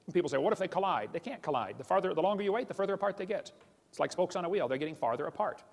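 A man's voice: sits high, expressive, gravelly. A man giving a blunt, mocking lecture to an audience, often calling ideas stupid and talking down to them as boys and girls. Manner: rapid-fire, addresses audience as boys and girls. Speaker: creationist lecturer. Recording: lecture hall reverb.

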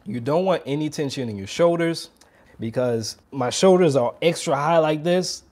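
A man's voice: fairly high pitch, normal speed, a little mellow. Upbeat man teaching trumpet. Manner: upbeat, demonstrates by putting on strained voices. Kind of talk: casual video lesson.

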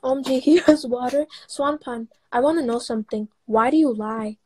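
A woman's voice: high-pitched, moderate pace, darkish tone, breathy edge. A teenage girl hosting a casual livestream chat on a video call, teasing and giggly. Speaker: livestream host.

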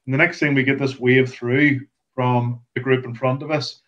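A man with a Northern Irish accent, a podcast guest telling a golf story in a lively, animated way. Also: mid-range voice, normal speed, dull audio. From Northern Ireland. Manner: lively anecdote teller, acts out quoted voices. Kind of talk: casual storytelling chat.

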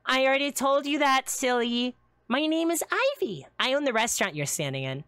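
A woman's voice: high-pitched, big pitch swings, moderate pace, fairly bright tone, no echo. A woman voicing a quirky young woman who runs a seafood restaurant, giggly and playful in a live roleplay. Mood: cheerful. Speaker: restaurant owner character.

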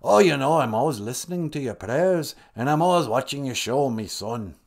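A man's voice: medium pitch, lively intonation, moderate pace, vocal fry. A man putting on a jolly great spirit with an Irish brogue. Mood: hearty, fatherly. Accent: put-on Irish. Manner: hearty, fatherly, chummy.

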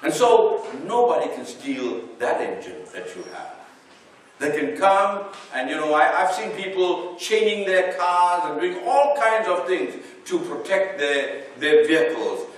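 Slow, animated preacher man in an echoey hall. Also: sits high. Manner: animated preaching, swelling and dropping his voice. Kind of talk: sermon. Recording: echoey hall, voice from far off the mic.

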